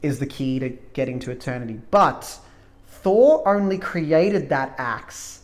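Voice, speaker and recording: A man's voice: medium pitch, lively intonation, a little slow. A man, co-hosting a casual film review and rambling with frequent restarts and casual swearing. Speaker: podcast co-host. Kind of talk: casual movie review chat.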